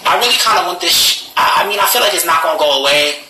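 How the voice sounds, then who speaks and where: A man's voice: on the high side, animated, quick pace, bright, forceful tone, a little hiss or hum. A man talking casually to live-stream viewers, blunt and profane, his voice jumping up when he gets indignant. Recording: roomy echo.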